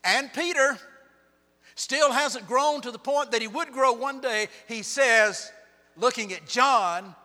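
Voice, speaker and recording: A man preaching a sermon as pastor, telling Bible stories with sharp swings between loud and soft. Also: very high voice, slow, in a large hall. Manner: storytelling, dramatic shifts in loudness. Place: church sanctuary.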